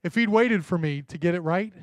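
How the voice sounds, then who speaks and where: A man's voice: high voice, fairly quick, no echo. A man, a pastor, giving a sermon in a conversational storytelling way and often checking in with the congregation. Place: church.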